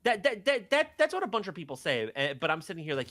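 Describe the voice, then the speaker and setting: A middle-aged man streams and rambles casually, laughing often. His voice sits high for a man and swings widely in pitch. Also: huge pitch swings, fast talker, fairly bright tone. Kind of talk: casual chat.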